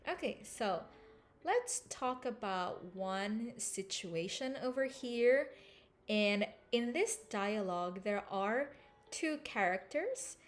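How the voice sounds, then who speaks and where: A woman's voice: mid-range voice, animated, slow pace. A woman teaching an English lesson, explaining and repeating phrases to show intonation. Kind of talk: language lesson.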